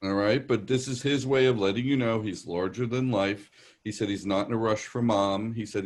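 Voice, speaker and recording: A man's voice: on the low side, fairly even intonation, moderate pace, few pauses, slight background noise. A man with a New York accent, a psychic medium giving rambling, reassuring readings on a live virtual show. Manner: rambling, reassuring, relays messages in quotes.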